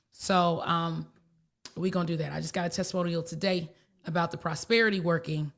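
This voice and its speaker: A woman's voice: on the low side, fairly bright tone. Blunt, folksy woman spiritual teacher. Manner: blunt, preachy, folksy, repeats herself. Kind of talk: casual talk.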